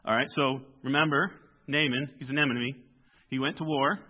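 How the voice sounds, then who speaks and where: A man preaching a conversational sermon, telling a scripture story in a lively, animated way and acting out the characters in casual voices. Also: medium pitch, a little fast. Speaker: pastor. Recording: dull lo-fi sermon recording.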